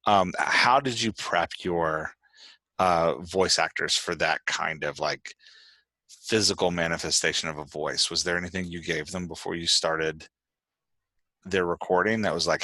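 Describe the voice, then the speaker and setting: A man's voice: low-pitched, fairly even intonation, unhurried, pushed and bright, no echo. A man hosting a podcast interview in a loose, rambling way, with lots of fillers like "like" and "you know". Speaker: podcast host. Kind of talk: casual interview chat.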